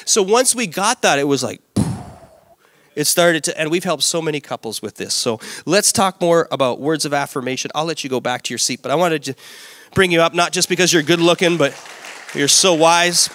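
A middle-aged pastor with a bright, forward voice delivers a lively sermon. He tells stories with playful asides, and his voice sits somewhat high for a man. The sound is close and dry. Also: a little fast, dry recording. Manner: lively storytelling with playful asides and acted-out quotes.

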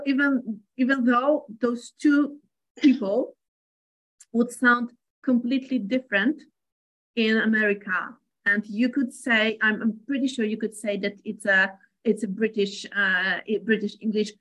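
A woman's voice: a little high, steady tone, a little slow, fairly bright tone, rough recording. A woman with a Polish accent, a native Polish speaker, chatting as a guest and searching for her English words. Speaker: guest co-author. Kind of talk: casual chat.

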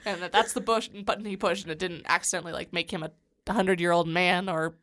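A woman's voice: on the low side, fairly even intonation, quick pace, fairly bright tone. A woman co-hosting a podcast, chatting casually and wryly about a book. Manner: playful, wry and talkative. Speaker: podcast co-host. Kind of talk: casual book discussion chat.

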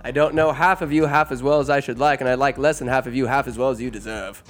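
A man's voice: medium pitch, steady tone, quick pace, music in the background, natural voice. A man voicing a fussy, genteel elderly hobbit in a comedic movie retelling, with a prim, theatrical tone. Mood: fond.

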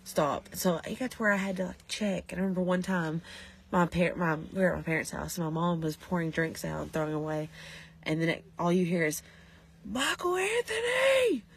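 A woman's voice: on the low side, flat delivery, fast talker, gravelly, a little hiss or hum. A woman co-hosting a podcast, telling stories in casual chat and laughing often. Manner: laughing storyteller. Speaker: podcast co-host.

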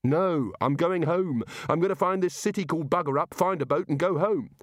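A man's voice: a little high, lively intonation, measured pace, no echo, clean studio sound, pitched above the performer's own voice. Man doing a whiny cowardly wizard. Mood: indignant.

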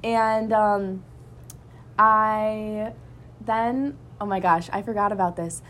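A young woman, a college student and student club member, telling a story in a casual podcast chat, animated and full of fillers. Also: mid-range voice, slow pace, a little hiss or hum. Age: young adult.

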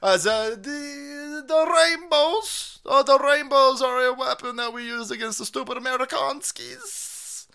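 A man's voice: extremely high pitch, measured pace, gravelly, sharp tone, clean tone, voice pushed up, heavily acted. A man putting on a sneering mock-Russian official. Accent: mock Russian, put on. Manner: exaggerated, sneering put-on accent.

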